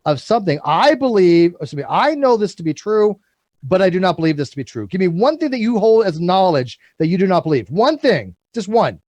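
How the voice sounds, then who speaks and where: A man hosting a heated call-in debate, firing off words at speed with a high, widely swinging voice. He is confrontational, swears freely and keeps repeating his demands. The sound is dry and close, with no room around it. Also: very animated, a little fast, darkish tone, no room sound. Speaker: host of a call-in debate stream.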